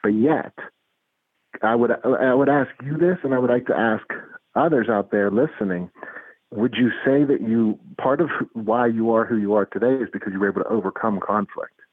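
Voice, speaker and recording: A man's voice: medium pitch, moderate pace, no room sound. A man, a psychologist guest in an interview, explaining earnestly with stories and often repeating words as he builds a point. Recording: tinny phone-like line, dry.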